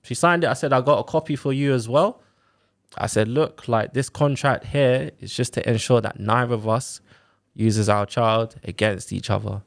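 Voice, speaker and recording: A man, telling his own story on a podcast in a casual, animated way, full of quoted back-and-forth and fillers like "like" and "innit". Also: mid-range voice, moderate pace, vocal fry. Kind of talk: casual chat, personal story.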